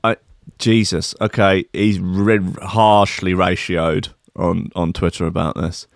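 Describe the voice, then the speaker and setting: A man hosts loose solo commentary, playful and full of swearing. His voice sits low. The sound is dry and close, with no room around it. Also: flat delivery, slow pace, creaky, no room sound. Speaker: host.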